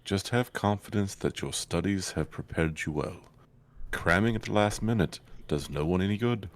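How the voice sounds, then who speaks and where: A man voicing a calm, stern older male mentor at a tabletop game, low and measured. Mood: reassuring. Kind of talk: tabletop role-play in character.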